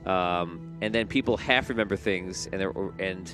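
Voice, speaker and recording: A man's voice: low voice, normal speed, over music. A man acting as game master who rephrases himself as he explains rulings to his players. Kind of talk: running a tabletop game.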